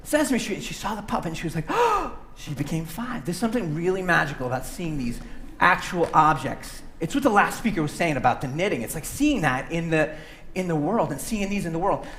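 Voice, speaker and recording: A puppeteer giving a stage talk, playful and enthusiastic, bouncing between ideas. His voice is bright and carried on a stage mic in a large auditorium, with faint noise underneath. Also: a little high, animated, fairly quick. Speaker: puppeteer and speaker. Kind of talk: talk to a youth audience.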